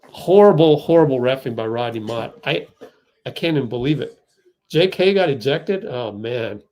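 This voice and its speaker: Hosting a fan livestream, a man delivers excitable live play-by-play and gets outraged at the referees. His voice is medium-pitched and his pace moderate.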